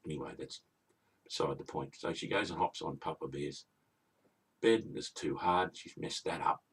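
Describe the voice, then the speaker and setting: A man's voice: very deep voice, normal speed, vocal fry, husky, recorded from a distance. A man retelling a fairy tale for laughs, with indignant, rambling asides. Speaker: comic storyteller.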